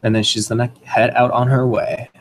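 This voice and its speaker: A man's voice: mid-range voice, little pitch movement, fairly quick, poor audio. A man playing a tabletop role-playing game who describes his character in a loose, casual way with many fillers. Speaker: player.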